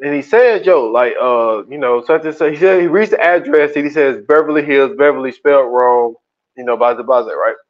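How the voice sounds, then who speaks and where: A man's voice: mid-range voice, brisk, muffled recording. A man co-hosting a podcast in casual chat, retelling a documentary in a rambling, slangy way with many restarts. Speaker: podcast co-host.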